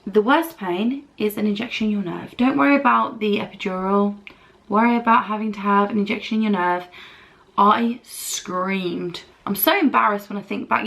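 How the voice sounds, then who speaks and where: A woman's voice: mid-range voice, creaky, fairly bright tone. A British woman vlogging casually at home while doing her makeup, telling a long, candid story while recovering from dental treatment. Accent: British English. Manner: chatty, candid, rambling storytelling. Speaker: beauty vlogger.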